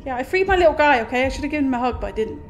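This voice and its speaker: Over slight background noise, a high-voiced woman gives let's-play commentary on a horror game. She's easily startled, bursts into exclamations, and keeps up a running chat with the game's characters and her viewers.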